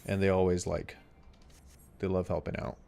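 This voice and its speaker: A man's voice: low-pitched, little pitch movement, normal speed, vocal fry, warm tone, slight background noise. A young adult man streaming a game, chatting casually and reacting aloud to what happens on screen. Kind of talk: casual live-stream chat while gaming.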